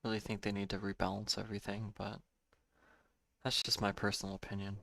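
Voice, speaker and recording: Male trader, lowish gravelly voice, measured think-aloud delivery, dry close mic. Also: monotone, pushed and bright, no room sound. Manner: measured, thinking aloud with small self-corrections. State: yawning, a bit tired. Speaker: day trading streamer. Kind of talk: live market commentary.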